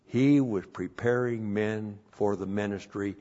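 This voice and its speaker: A man preaching in a slow, unhurried delivery, repeating his phrases and swelling in volume when he stresses a point. His voice sits in a middle register, and the recording sounds dull and lo-fi. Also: lowish voice, dark tone. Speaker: pastor. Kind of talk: sermon with Bible teaching.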